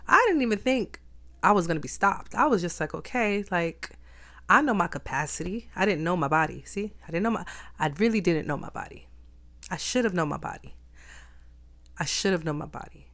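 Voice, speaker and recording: A woman's voice: on the low side, expressive, brisk, a bit bright. A woman talking in a reflective personal vlog, emphatic and repeating phrases for stress. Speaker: vlogger.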